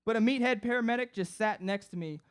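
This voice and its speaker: A man's voice: high voice, fast talker, smooth. A young man performing a comic personal story live on stage, acting out his friends' voices. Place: live stage before an audience.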